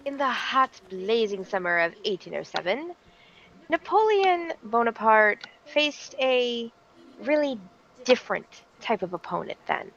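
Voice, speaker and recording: A woman streamer telling a playful story in an animated, theatrical way. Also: fairly high pitch, measured pace, lo-fi sound. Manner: animated, theatrical, laughing often.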